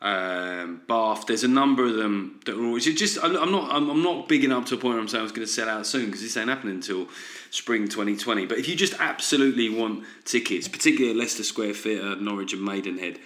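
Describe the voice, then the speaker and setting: A man's voice: lowish voice, quick pace, fairly bright tone. A man hosting a solo comedy podcast, ranting sardonically and tossing in frequent "right?" asides. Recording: roomy echo.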